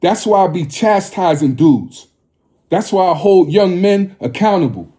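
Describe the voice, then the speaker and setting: Speaking at a measured pace, a man in his forties lectures his viewers in a confrontational, profane, preachy monologue. His voice sits high and has a dark tone with lively intonation, and his manner is scolding.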